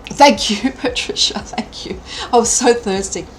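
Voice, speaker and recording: A middle-aged Australian woman chatting casually on a live stream, animated and thinking aloud. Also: a little high, unhurried, faint music behind, low-quality recording.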